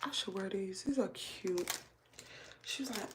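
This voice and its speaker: A middle-aged Southern woman hosts a livestream, telling a story while she does her makeup. Her voice sits in a middle pitch, animated and chatty, and she often drops to a hushed near-whisper. Faint clicks sound behind her. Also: measured pace, noisy background. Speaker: livestream host. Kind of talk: casual storytelling chat.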